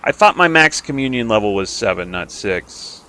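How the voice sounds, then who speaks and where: Lively, bright-voiced man playing a strategy game. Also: fairly low pitch, moderate pace. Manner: chatty, self-mocking, thinks aloud; playful silly noises and repeated sound effects. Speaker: game streamer. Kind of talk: casual gameplay commentary.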